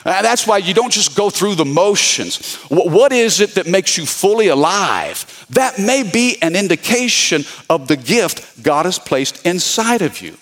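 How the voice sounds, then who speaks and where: A man's voice: high voice, very animated, unhurried, hardly any pauses, a bit bright. A man preaching a sermon as pastor, repeating his key points and calling out to the congregation.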